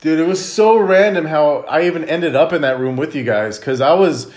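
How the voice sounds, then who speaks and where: A man hosting a casual podcast chat, asking follow-up questions and telling his own story in a relaxed, swearing manner. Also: fairly high pitch, moderate pace. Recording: echoey room.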